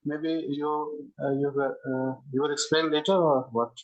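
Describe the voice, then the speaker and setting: A man's voice: a little high, little pitch movement, unhurried, dull audio. A man as a student in class, asking a question hesitantly with many fillers.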